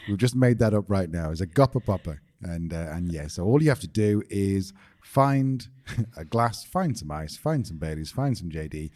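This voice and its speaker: Low-voiced British man co-host. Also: animated, moderate pace, a little mellow. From Britain. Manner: dry joking, explanatory. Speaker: podcast co-host. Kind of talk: casual chat.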